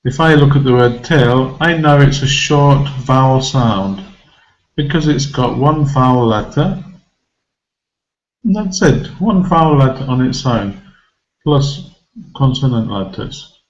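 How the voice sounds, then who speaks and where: A man teaching English pronunciation in a video lesson, speaking slowly and deliberately and repeating words for emphasis. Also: mid-range voice, lively intonation, dull audio. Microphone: recorded for a video lesson.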